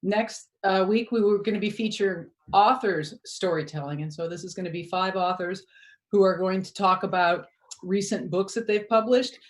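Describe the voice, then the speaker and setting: A woman's voice: mid-range voice, moderate pace. A woman emceeing a storytelling evening in a chatty, thankful, casual way. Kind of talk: casual hosting.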